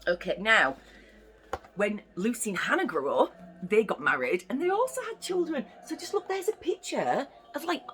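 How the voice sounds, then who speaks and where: A woman's voice: on the high side, big pitch swings, normal speed, fairly bright tone, faint music behind. A young woman from the UK reading a children's bedtime story aloud, with chatty, playful asides to the listening children. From United Kingdom.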